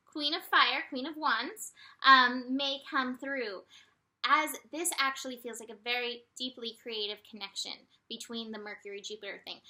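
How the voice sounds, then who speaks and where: A woman giving a casual spiritual astrology and tarot forecast in a gentle, soothing way, with light laughs and animated asides. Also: high-pitched.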